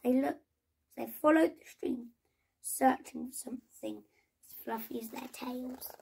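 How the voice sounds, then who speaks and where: A woman reading a children's picture book aloud in a slow, gentle way, with small restarts. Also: sits high, creaky, breathy edge. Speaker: storybook reader.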